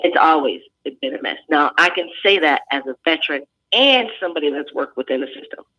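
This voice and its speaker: A woman's voice: deep voice, lively intonation, fairly quick. A woman veteran calls in to a talk show and talks earnestly, stumbling and restarting as she goes. Her voice comes through a dull, muffled line. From California. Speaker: guest veteran. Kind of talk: phone-in talk show interview.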